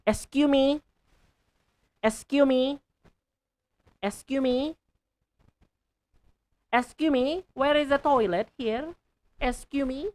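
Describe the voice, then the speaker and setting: A woman imitating a flustered adult learner who asks for the toilet, stressing every syllable in a high, strained voice. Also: takes it slowly, pauses often, a little mellow.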